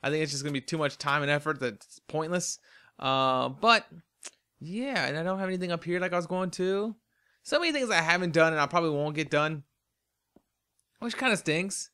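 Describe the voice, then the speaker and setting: A man's voice: a little high, brisk, sharp tone, clear, resonant tone. A tired man hosting a game let's play, rambling chattily to himself in casual commentary as he plays. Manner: rambling, chatty, talks to himself while playing. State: tired and yawning.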